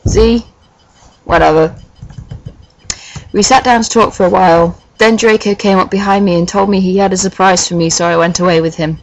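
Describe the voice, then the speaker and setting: A woman doing a comic dramatic reading of a fan fiction, breaking off for sarcastic, deadpan asides with swearing. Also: medium pitch, quick pace, few pauses, low-quality recording. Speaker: reader and commentator of a fan fiction.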